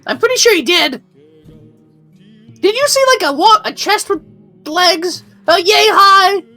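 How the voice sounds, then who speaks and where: A woman's voice: extremely high pitch, lively intonation, sharp tone, soft background music, heavily acted. Woman playing Bug, chatty little adventurer. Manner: bubbly, rapid-fire questions. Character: small excitable male adventurer, eager and chatty.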